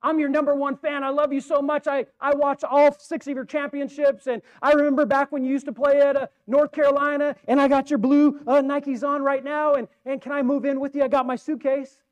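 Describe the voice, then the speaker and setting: A man's voice: very high-pitched, level tone, a little fast, hardly any pauses, muffled recording, pitched above the performer's own voice. A man voicing an overeager male superfan who begs at a gate in breathless, gushing pleas. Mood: starstruck.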